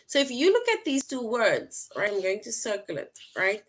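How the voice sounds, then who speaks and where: A woman teacher explaining a lesson slowly, repeating points and checking in with "right?" often. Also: medium pitch, sing-song. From outside the US. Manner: slow, repetitive explaining, frequent "right?" check-ins. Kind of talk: online class lesson.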